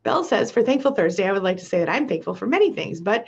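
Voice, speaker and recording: A woman's voice: medium pitch, very animated, quick pace, gravelly, slightly rough, highs cut off. A middle-aged woman hosting a live support stream, chatting casually, laughing often and reading viewer comments aloud.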